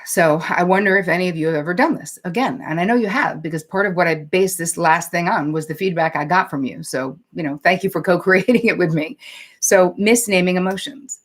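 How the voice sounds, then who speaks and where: A woman therapist talks straight to her live viewers with a slightly low voice. Her manner is candid and conversational, with casual swearing. She stops now and then to read out viewer comments. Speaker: psychotherapist and show host. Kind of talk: live-streamed talk to viewers.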